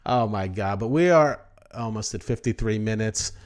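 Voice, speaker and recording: A man's voice: on the low side, normal speed, a little hiss or hum. A man hosting a podcast, trading jokes in casual chat with mock disgust. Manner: joking, mock-disgusted banter.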